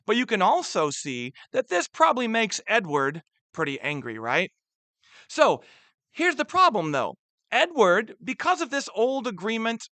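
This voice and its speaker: Animated, chatty male history teacher. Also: no room sound. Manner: chatty, asks rhetorical questions and checks in with "right?"; lively, punches key words louder and higher. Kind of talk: recorded lecture over a map.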